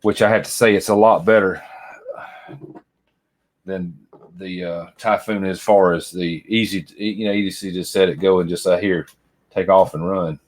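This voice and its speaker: Rambling low-voiced man. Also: fairly even intonation, moderate pace, pauses often. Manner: rambling, folksy, talks to viewers by name. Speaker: vlogger. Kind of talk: casual chat while unboxing.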